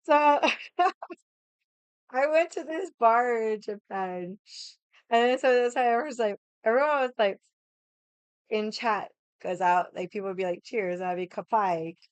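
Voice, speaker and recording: A young woman chats on her livestream in a lively, animated way, laughing often and swearing now and then. Her voice is smooth and clear, and the sound is dry and close, with no room around it. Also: a little high, measured pace, long pauses, no echo. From United States. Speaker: livestream host. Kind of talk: casual chat.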